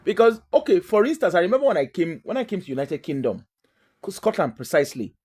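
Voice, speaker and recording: A woman's voice: fairly low pitch, big pitch swings, fast, darkish tone, husky. Chatty Nigerian woman, emphatic monologue. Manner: chatty, emphatic and digressive, with frequent fillers. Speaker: host. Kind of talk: casual monologue.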